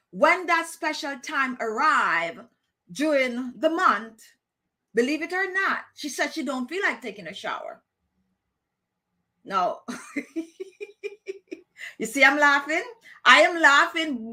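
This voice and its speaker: A woman's voice: sits high, bright, forceful tone. A woman hosting a casual chat show for her viewers, talking directly to them in a chatty way and often repeating herself. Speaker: beauty channel host.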